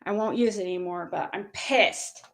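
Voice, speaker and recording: A woman's voice: mid-range voice, moderate pace. A woman livestreamer in a heated, profane rant, talking straight to her chat.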